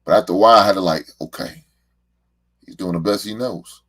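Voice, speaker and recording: A man's voice: sits low, brisk, fairly bright tone. A middle-aged man, a show host and father, talking in a casual, heartfelt monologue and often repeating words as he rambles.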